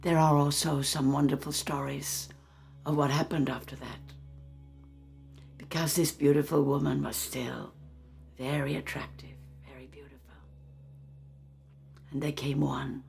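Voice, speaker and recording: A spiritual channeler telling a story gently, calling the listener beloved and sinking into a soft whisper. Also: medium pitch, flat delivery, measured pace, vocal fry, pauses often, faint music behind.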